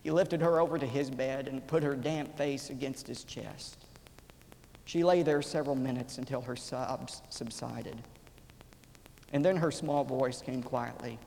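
A man in his forties preaching a sermon as a pastor, telling a story with drama, swelling loud and then dropping to a whisper. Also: mid-range voice, unhurried, creaky. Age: 40s. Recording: reverberant hall, faint background noise.

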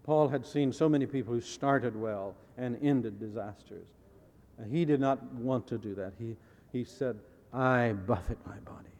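A man preaching a sermon in a measured way, repeating key phrases and putting rhetorical questions to his listeners. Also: medium pitch, dark tone, in a large hall. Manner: asks the audience rhetorical questions.

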